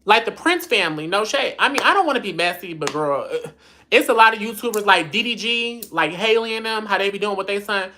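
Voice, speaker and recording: A woman's voice: medium pitch, expressive, fairly quick, sharp tone, a little hiss or hum. A woman hosting a casual livestream, blunt, sassy and profane, reading viewer comments aloud and answering them. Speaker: livestream host.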